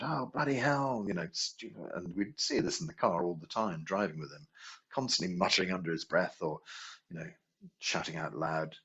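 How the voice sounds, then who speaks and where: A man teaching a healing class in a relaxed, anecdotal way, asking rhetorical questions as he goes. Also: husky. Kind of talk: conversational teaching talk. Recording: dull low-quality video sound.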